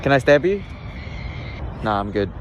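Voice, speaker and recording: Guy putting on a loud squeaky goofball, pushy and silly, kinda muffled. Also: big pitch swings, normal speed, slight background noise, close to an everyday voice. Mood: goofy.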